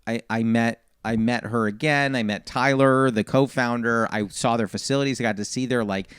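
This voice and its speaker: A man's voice: medium pitch, moderate pace, clear, resonant tone, dry recording, studio quality. A man and comedian telling a long story in a casual podcast chat, acting out the people in it. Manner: animated storyteller, quotes people. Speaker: comedian guest.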